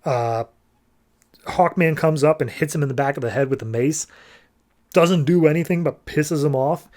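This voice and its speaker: A man's voice: a little high, normal speed, darkish tone. Casual man recapping a comic. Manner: loose, rambling retelling full of "like" and paraphrased dialogue. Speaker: comic book podcast host.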